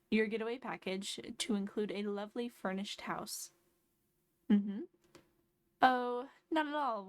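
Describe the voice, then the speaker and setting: A woman's voice: a little high, lightly acted. A woman voicing a polite, businesslike male raccoon shopkeeper from a video game, reading his on-screen lines aloud in a plain, courteous way.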